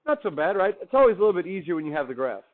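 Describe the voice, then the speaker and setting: This man teaches math in a classroom lecture, speaking rapid-fire in a high, sing-song voice. Upbeat and talkative, he asks his students questions and supplies the answers on his own, all captured on a tinny, phone-like recording.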